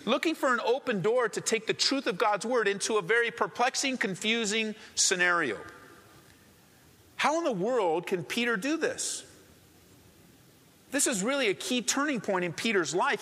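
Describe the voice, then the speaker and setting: A man's voice: high-pitched, big pitch swings, a little slow, pushed and bright, in a large hall. A man preaching a sermon with earnest, emphatic repetition. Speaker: pastor.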